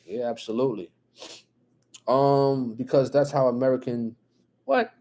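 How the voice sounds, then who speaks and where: A man from New Jersey with a New Jersey accent, hosting a casual live stream, reading viewer comments and chatting in a relaxed way with lots of repeated phrases. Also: medium pitch, a little slow. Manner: relaxed, repeats phrases, frequent "you know what I'm saying", chuckles often.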